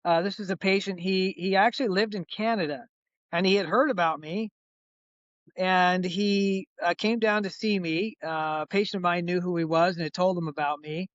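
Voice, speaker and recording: A man in his sixties, a chiropractor guest, telling a patient story in lively conversational style. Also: high voice, normal speed, no room sound, highs cut off. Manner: animated storyteller, acts out quoted voices, frequent restarts.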